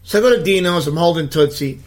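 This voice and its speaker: A man's voice: on the high side, fast. A man in his fifties telling a story in a blunt, profane, indignant rant. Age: 50s.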